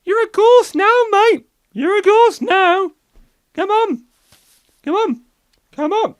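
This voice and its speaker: A man voicing a bossy ghost who chairs a council of ghosts, in a high hooting wail. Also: lively intonation, takes it slowly, exaggerated voice.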